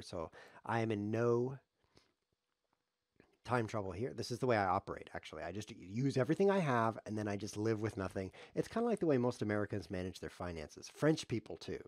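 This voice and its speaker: A man's voice: on the low side, lively intonation, fairly quick, no echo, studio quality. A man giving rambling, jokey live commentary on his own chess game, thinking aloud as he streams.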